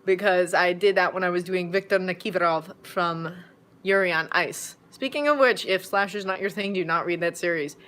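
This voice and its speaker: An adult woman who reads fanfiction aloud, chatting casually from home in a live-stream Q&A. She rambles and jumps into sudden bursts of excitement. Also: lowish voice, moderate pace. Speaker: fanfiction audiobook narrator and streamer.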